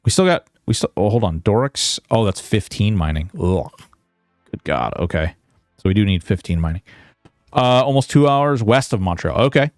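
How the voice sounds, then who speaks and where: A man's voice: fairly low pitch, expressive, moderate pace, dry recording, clean studio sound, faint music behind. A Canadian man streaming a video game, chatting in a rambling, casual way and swearing now and then. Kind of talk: casual gaming stream chat.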